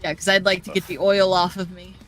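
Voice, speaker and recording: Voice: medium pitch, level tone, fast, a bit bright, faint music behind, rough recording. A player speaking casually and hesitantly in a tabletop game. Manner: hesitant, filler-heavy.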